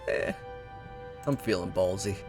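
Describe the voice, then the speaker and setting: A man's voice: low voice, a little slow, music in the background. A man giving casual, self-deprecating gameplay commentary with mumbled asides while playing. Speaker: let's play gamer.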